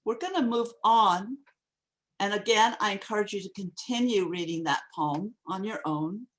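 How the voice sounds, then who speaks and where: A woman giving a craft talk on poetry over a video call, reading lines aloud slowly and deliberately. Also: mid-range voice, fairly bright tone. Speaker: poetry workshop teacher. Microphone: video call microphone.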